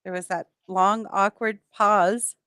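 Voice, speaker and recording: A woman's voice: medium pitch, fairly even intonation, takes it slowly, fairly bright tone, no echo, studio quality. A woman, chatting casually and telling a story on a podcast with friends. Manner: chatty storyteller, laughs easily. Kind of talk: casual chat.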